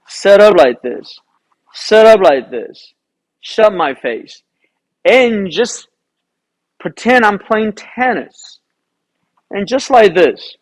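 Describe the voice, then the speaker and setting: A man, a golf instructor, recounting a round in an animated storytelling way, asking himself rhetorical questions. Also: sits high, poor audio. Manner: animated, rhetorical questions, re-enacts his own thoughts.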